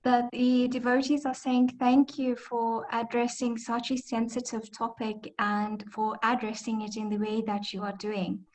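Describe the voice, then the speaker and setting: A woman's voice: on the high side, flat delivery, measured pace, hardly any pauses, a little mellow. A woman with a South African accent moderating an online talk on a video call, hesitantly reading out audience questions. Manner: hesitant, with many fillers.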